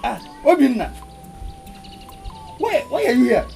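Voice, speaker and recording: A man's voice: very high-pitched, big pitch swings, a little slow, gravelly, dark tone, full character voice. A man with a Nigerian accent playing a distraught father who pleads with his hurt son and keeps repeating his questions. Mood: pleading. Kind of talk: film drama acting. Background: film score music.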